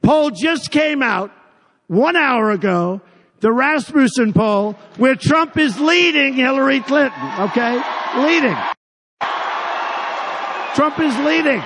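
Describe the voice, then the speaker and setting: An older man running for office gives a rambling, repetitive rally speech to a crowd in a large arena, with mocking asides. His voice is extremely high-pitched and expressive, slow with long pauses, over a noisy background. A PA adds long hall reverb.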